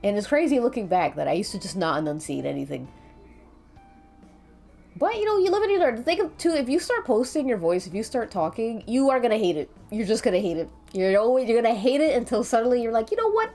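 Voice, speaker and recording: A woman's voice: on the high side, big pitch swings, fast talker, mellow. A woman with a light Latina accent, chatting casually with her stream chat in a playful, talkative way. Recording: faint background music.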